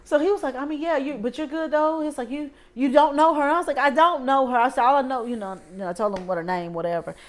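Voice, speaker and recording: A woman co-hosting a podcast, telling a story in casual chat, animated and laughing often as she acts out other people. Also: high-pitched, fast talker, hardly any pauses. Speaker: podcast co-host.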